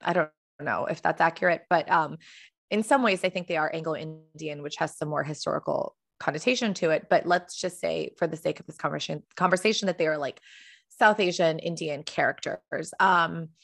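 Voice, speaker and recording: Gravelly low-voiced woman, chatty podcast host. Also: fairly quick, dry recording, clean studio sound. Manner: chatty, wandering, self-correcting. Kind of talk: casual chat.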